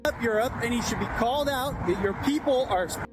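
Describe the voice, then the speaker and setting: A man's voice: very high-pitched, quick pace, over loud music, low-quality recording. An American man harassing someone on the street, hectoring and repeating himself, filmed on a handheld phone outdoors. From United States. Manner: aggressive, repetitive, hectoring. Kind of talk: confrontational street rant. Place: outdoor city street with traffic. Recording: loud street traffic noise.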